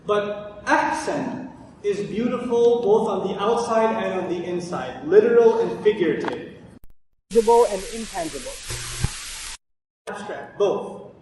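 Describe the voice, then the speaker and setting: Male Quran teacher, high voice, lecturing from a distance in an echoey hall with a faint rumble behind. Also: a little mellow. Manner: asks questions and answers them himself.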